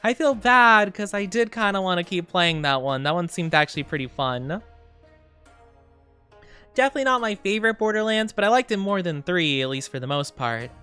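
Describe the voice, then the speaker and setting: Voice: medium pitch, animated, fairly quick, pushed and bright, clean tone, soft background music. A live streamer in casual chat with viewers, rambling and thinking aloud with lots of fillers.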